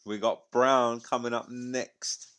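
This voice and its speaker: A man's voice: mid-range voice, level tone, slow, a bit bright, clear, resonant tone. A man hosting a live fight watchalong, chatting casually, swearing freely and using lots of slang. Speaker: livestream watchalong host.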